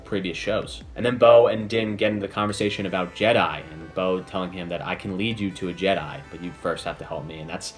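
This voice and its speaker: A man's voice: sits low, fairly quick, few pauses, faint music behind. A man giving a casual, enthusiastic spoiler review, chatty and full of "basically" and "like". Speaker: video reviewer.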